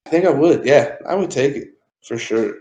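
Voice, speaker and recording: A young man in casual chat, speaking thoughtfully with halting restarts. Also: medium pitch, animated, a little mellow, lo-fi sound. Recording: roomy echo.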